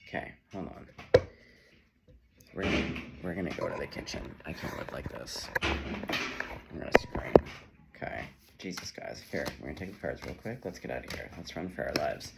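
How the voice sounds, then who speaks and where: A tarot reader with a rumbling, gravelly low voice does a relaxed reading in his kitchen, speaking briskly and expressively. He talks to himself, laughs, and curses as he goes. The phone recording is echoey with heavy background noise.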